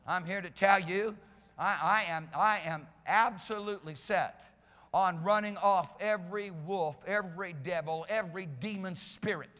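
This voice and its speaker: A male pastor preaching a fiery sermon in a church, repeating phrases and swinging between shouts and low, quiet lines. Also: measured pace. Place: church sanctuary. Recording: reverberant church hall.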